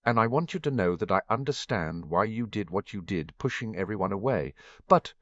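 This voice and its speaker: A man voicing an earnest, bookish teenage girl in a fan-fiction audiobook, talking in quick rushes. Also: lowish voice, lively intonation, fairly bright tone, no echo. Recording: dull, muffled dry recording.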